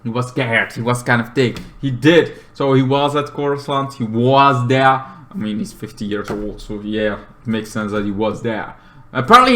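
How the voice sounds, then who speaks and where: A man rambles through an episode recap, leaning on fillers and restarts. His voice is bright and forward, and he jumps into shrill, shouted character bits before dropping back to a low mumble. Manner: rambling, filler-heavy retelling, bursts into loud high-pitched character voices. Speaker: TV show reviewer. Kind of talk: casual episode recap with acted-out lines.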